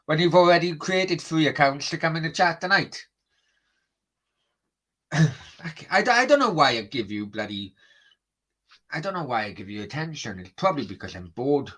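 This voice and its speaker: A man's voice: fairly high pitch, very animated, moderate pace, pauses often, a bit bright. A man hosting a football watchalong stream, chatting bluntly and swearing as he answers his chat. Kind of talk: casual live-stream chat.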